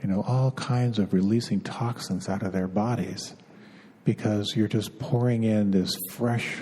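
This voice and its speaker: A man giving a dharma talk as a meditation teacher, gentle and unhurried, pausing often and repeating words as he searches for them. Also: on the low side, gravelly, slightly rough. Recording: long hall reverb.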